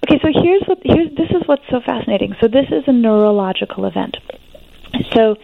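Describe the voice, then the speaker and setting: A woman, a guest expert on adolescence, explaining teenage development in an interview in an animated, reassuring way with frequent fillers. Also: fairly high pitch, brisk, creaky. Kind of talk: interview conversation. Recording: tinny phone-line sound.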